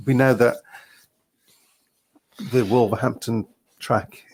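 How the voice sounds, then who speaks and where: A man's voice: medium pitch, fairly even intonation, slow pace. A man hosting a casual sports podcast, chatting and reading out listener messages, chuckling now and then. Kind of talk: casual chat.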